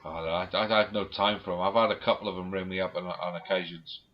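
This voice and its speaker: Low-voiced rambling man, swearing. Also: little pitch movement, quick pace, a little hiss or hum. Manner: rambling storyteller, swears freely, laughs often. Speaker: podcast co-host. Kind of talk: casual chat. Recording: dull lo-fi recording.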